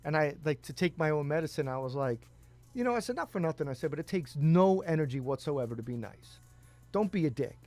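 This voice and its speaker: A man's voice: on the high side, lively intonation, brisk, darkish tone, dry recording, soft background music. A man co-hosting a casual talk show, telling rambling stories, laughing often and swearing. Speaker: podcast co-host. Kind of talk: casual chat.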